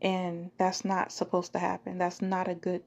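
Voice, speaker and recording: A woman's voice: fairly low pitch, completely flat delivery, normal speed, creaky, darkish tone. A woman in her thirties hosting a podcast, telling a personal story in a loose, conversational way, cursing and laughing at herself. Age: 30s. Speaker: podcast host.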